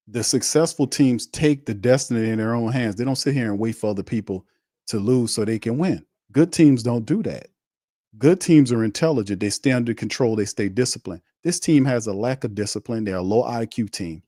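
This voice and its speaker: A man's voice: medium pitch, animated, moderate pace, dark tone, dry recording, studio quality. A man hosting a sports show, delivering a heated, blunt rant on a live watch stream, repeating his points and mocking the other side. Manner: fiery, blunt and repetitive, with mocking asides.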